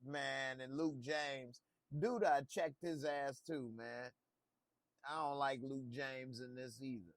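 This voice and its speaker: Man, casual TV reaction commentary, joking, slow pace, dry close sound. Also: mid-range voice, steady tone, dry recording. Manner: laid-back, joking, talks back to the screen. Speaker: TV show reviewer.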